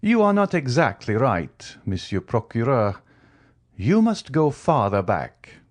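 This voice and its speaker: A man voicing a cold, vengeful man returned from prison, speaking in a measured, solemn way. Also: mid-range voice, very animated, pitched above the performer's own voice. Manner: measured, solemn, slow delivery.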